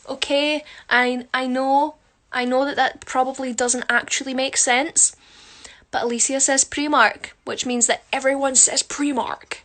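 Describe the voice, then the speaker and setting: Doing her makeup on a phone livestream, a woman chats casually with viewers, answering their comments with teasing and jokes. Her voice is high and a bit bright.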